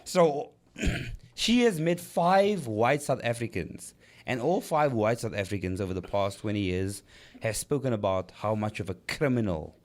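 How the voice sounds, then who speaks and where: A man's voice: fairly low pitch, expressive, moderate pace. A man co-hosting a podcast, telling a story in casual chat with emphatic rhetorical questions. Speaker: podcast co-host.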